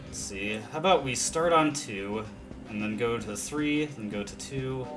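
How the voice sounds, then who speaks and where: Speaking a little slowly in a mid-range voice, a young let's play commentator chats casually about the video game in front of him. His thinking-aloud style is packed with fillers and self-deprecating remarks, and faint game music can be heard in the background.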